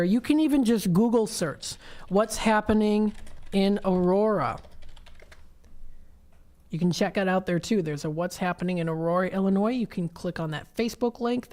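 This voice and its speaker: A woman's voice: mid-range voice, darkish tone. A woman hosting a local radio shopping show, chatting casually and reading event listings off websites with many fillers. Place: radio studio.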